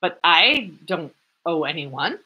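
A woman's voice: lowish voice, big pitch swings, slow pace, muffled recording. A woman voicing a feverish young male student who talks back defiantly. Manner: defiant, raised voice.

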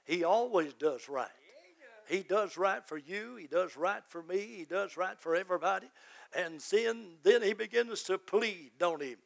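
High gravelly preacher. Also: male voice, unhurried. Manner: fervent preaching, voice rising to shouts. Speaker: pastor. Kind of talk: sermon.

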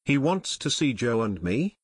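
A man voicing a level-headed teenage boy detective who speaks calmly and tersely. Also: medium pitch, moderate pace, no room sound, studio quality. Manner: calm, terse, questioning.

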